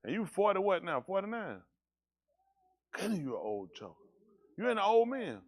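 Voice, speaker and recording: A man's voice: sits high, sing-song, normal speed. A man leading a congregation, bantering casually and teasing people in a joking, folksy way.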